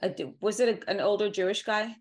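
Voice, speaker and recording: Woman podcast host, mid-pitched, chatty and teasing. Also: fast talker. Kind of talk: casual interview chat.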